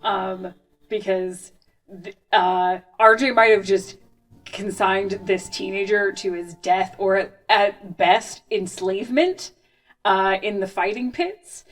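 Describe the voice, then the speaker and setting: A woman playing a tabletop game, explaining her character in a thoughtful, halting way. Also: mid-range voice, distant mic, soft background music, low-quality recording. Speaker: player.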